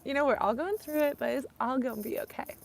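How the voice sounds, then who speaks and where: A woman's voice: high voice, fast talker, gravelly. A young woman talking casually on a live stream about skincare, rambling with lots of "like" and "you know".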